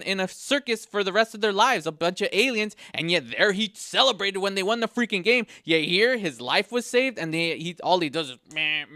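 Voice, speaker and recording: A man's voice: sits high, bright, forceful tone, no room sound, clean studio sound. A man hosting a podcast segment, delivering an exasperated comedic rant with frequent stumbling restarts. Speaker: podcast host.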